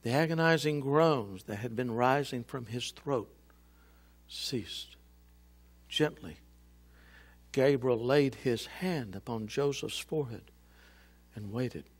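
A male pastor reading scripture and a book aloud dramatically in a church, swinging between loud and hushed. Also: mid-range voice, slow, long pauses. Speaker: senior pastor. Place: church sanctuary.

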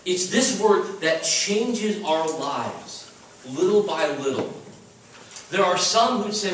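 A man's voice: high voice, lively intonation, takes it slowly, fairly bright tone, slight background noise. A man preaching an earnest, emphatic sermon as a chapel speaker at a Christian school. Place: chapel at a retreat. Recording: echoey room from far off.

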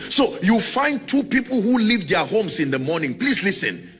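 A man's voice: sits high, sing-song, normal speed, a bit bright, soft background music. A man preaching a sermon to a congregation, drawing responses from them and sliding into sung, chanted phrases. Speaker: pastor.

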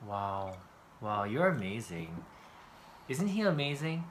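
A man hosts a casual taste-test vlog in a very lively voice, his pitch swinging widely as he exclaims. He talks straight to the viewers in an animated way. A faint noise sits under the recording. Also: slow. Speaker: vlog host. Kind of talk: casual chat, taste-testing.

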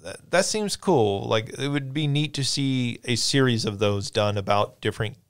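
A man hosting a games podcast in casual chat, relaxed and halting with many fillers. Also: mid-range voice, smooth. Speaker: podcast host.

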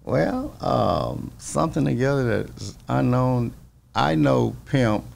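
Gravelly, lively man telling stories. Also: medium pitch, slow pace, slight background noise. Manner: animated, laughing storyteller. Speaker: singer, interview guest. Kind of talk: storytelling interview chat.

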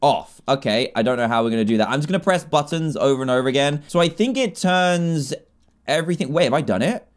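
A young man giving excitable, jokey commentary while playing a block-building game, often laughing and yelling. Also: on the high side, quick pace. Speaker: gaming video creator. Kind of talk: Minecraft let's play commentary.

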